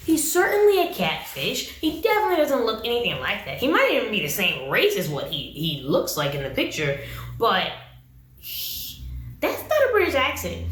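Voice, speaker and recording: Woman, sassy reality-show review vlog, lively pitch, slightly high voice, echoey room. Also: slight background noise. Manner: sassy, animated, exclamatory. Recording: roomy echo.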